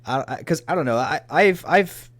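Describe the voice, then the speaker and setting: A man co-hosting a podcast, talking in a halting way with many restarts. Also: a little high, expressive, fairly bright tone, no echo. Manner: halting, full of restarts and fillers. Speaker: podcast co-host. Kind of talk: casual chat.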